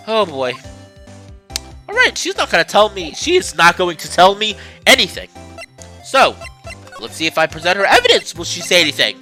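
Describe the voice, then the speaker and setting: A man hosting a game let's play, reading the hero's lines and riffing on them in a playful way. His voice is bright and lively, with plenty of up and down, and game music sits faintly behind him. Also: on the high side, a little fast. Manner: playful, joking, animated.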